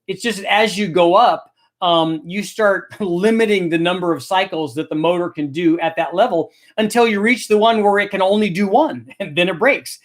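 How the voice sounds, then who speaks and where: A middle-aged man hosting a casual Q&A, explaining engine tech in a relaxed, thinking-aloud way. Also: high voice, moderate pace. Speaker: host answering viewer questions. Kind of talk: casual technical Q&A chat.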